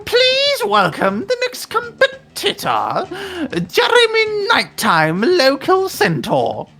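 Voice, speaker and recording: A woman voicing a grand, gushing fantasy queen in a shrill, theatrical voice. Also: wildly swooping pitch, slow pace, fairly bright tone, heavily acted. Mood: gushing, regal.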